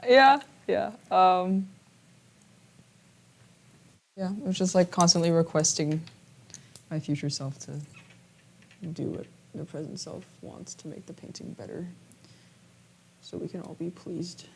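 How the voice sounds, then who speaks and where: A woman's voice: lowish voice, a little slow, gravelly, a little hiss or hum. A woman painting on a livestream, chatting casually, giggly and self-deprecating, muttering to herself as she works. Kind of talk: casual chat while painting.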